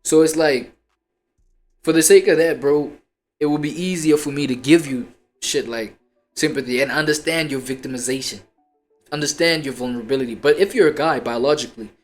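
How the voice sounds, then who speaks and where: A man's voice: on the high side, brisk, soft background music. A man streaming a casual reaction chat, talking in a slangy, rambling, profane way.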